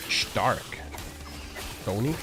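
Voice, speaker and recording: A man streaming live and chatting with viewers, sarcastic and profane, rambling with lots of fillers. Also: very slow. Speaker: livestreamer. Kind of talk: casual livestream chat reacting to viewer comments. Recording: music bed under the voice. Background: music playing.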